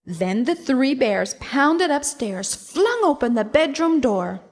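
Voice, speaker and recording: Expressive woman reading a children's story. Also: sits high, slow. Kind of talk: audiobook narration for children.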